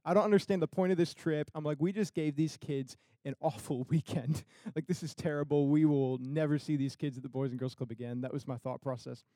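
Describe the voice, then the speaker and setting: A young man with a fairly high voice tells a story to a crowd in the style of a sermon. He laughs a lot and acts out the people he quotes. His voice is recorded close and dry. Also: steady tone, fairly quick, warm tone, dry recording.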